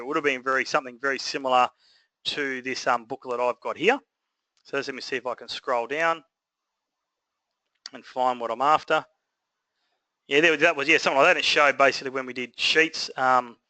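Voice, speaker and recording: A man's voice: mid-range voice, pushed and bright, no room sound, poor audio. A man with an Australian accent teaching a trades lesson in a rambling, conversational way with many fillers. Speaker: building trades instructor. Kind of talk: casual recorded lesson.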